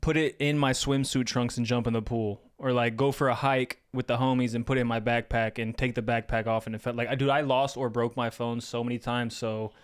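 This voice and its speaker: A man's voice: medium pitch, little pitch movement, a little fast, hardly any pauses, clear, resonant tone. A young man co-hosting a podcast, teasing his co-host and swearing in casual banter. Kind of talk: casual chat.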